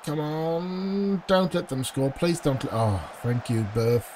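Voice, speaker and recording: A man's voice: medium pitch, expressive, unhurried, darkish tone, a little hiss or hum. Frustrated man commentating his game. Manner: anxious, pleading, groans and outbursts of frustration. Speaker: gaming channel host. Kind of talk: let's play commentary.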